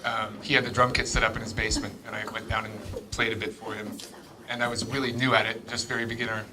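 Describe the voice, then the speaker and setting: A man's voice: lowish voice, little pitch movement, fast talker, noisy background. A man speaking a hesitant, heartfelt memorial tribute in a club hall. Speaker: musician giving a tribute.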